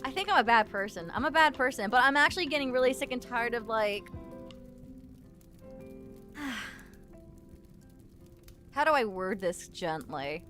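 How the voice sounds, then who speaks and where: A young woman streaming live, chatting casually and rambling, laughing often and sometimes breaking into shouts. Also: a little high, expressive, a little slow, pauses often, faint music behind. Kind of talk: casual livestream chat.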